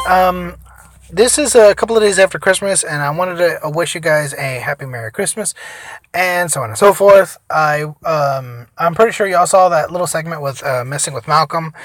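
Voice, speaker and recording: A tired young man giving casual, profane gameplay commentary, rambling between loud outbursts and mumbled asides. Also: a little high, no echo. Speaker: gaming vlogger.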